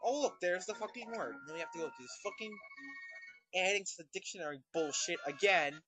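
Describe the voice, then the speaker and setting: A man commentating over his own gameplay, ranting in constant profane exasperation at a slow game. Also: high-pitched, animated, rough recording. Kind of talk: let's play commentary. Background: video game music.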